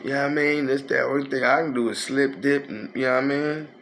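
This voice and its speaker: A man's voice: mid-range voice, steady tone, quick pace, creaky, a bit bright, slight background noise. A man, telling a rambling, profane street story in a casual way. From North Philadelphia. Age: 50s.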